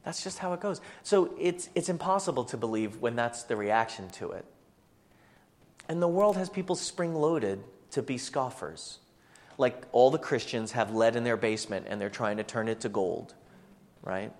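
A man preaching a sermon as pastor, animated and acting out the voices of the people he quotes. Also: mid-range voice, moderate pace. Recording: long hall reverb.

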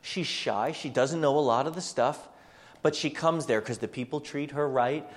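A man preaching a sermon as pastor, animated and acting out the voices of the people he quotes. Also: on the high side, moderate pace. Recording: long hall reverb.

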